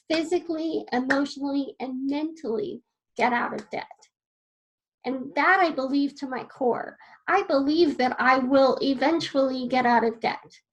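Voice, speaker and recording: A woman's voice: sits high, measured pace, rough recording. A woman teaching a class in an earnest, personal way, repeating key phrases as she writes notes on a board. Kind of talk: casual spoken lesson.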